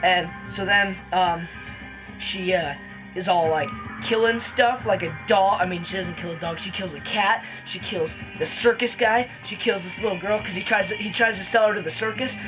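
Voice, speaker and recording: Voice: mid-range voice, poor audio. A casual movie reviewer retelling a plot in a rambling way, full of fillers and restarts.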